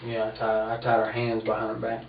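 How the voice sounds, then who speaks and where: Man, halting suspect voice, low and flat, on distant, dull archival room tape with faint hiss. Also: gravelly, reverberant. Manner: hesitant, halting, repeats himself. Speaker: suspect being interrogated. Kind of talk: police interrogation. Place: interrogation room.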